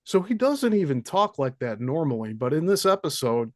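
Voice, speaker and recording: A man hosting a live interview, talking casually with quick asides. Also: fairly high pitch, very animated, dry recording, studio quality. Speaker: host.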